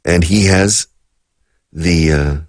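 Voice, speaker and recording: A middle-aged man teaching an English lesson on radio, explaining words slowly and switching between English and Spanish. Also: low voice, dry recording, clean studio sound.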